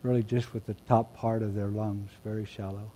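Male preacher, mellow tone, swings from hushed reflection to forceful emphasis. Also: lowish voice, level tone, normal speed, slight background noise. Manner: swings from quiet reflection to loud emphatic shouts. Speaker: pastor. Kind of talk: sermon.

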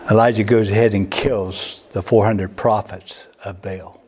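Slow, unhurried male preacher. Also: fairly even intonation, darkish tone, slight background noise. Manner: storytelling preacher, repeats words, sudden rises in pitch. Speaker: pastor. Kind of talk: sermon.

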